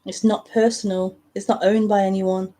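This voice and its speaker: A middle-aged woman teaching nonduality on a live home broadcast, speaking slowly and reflectively with long pauses. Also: mid-range voice, level tone. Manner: slow, reflective, with pauses and soft laughs. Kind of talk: live spiritual talk.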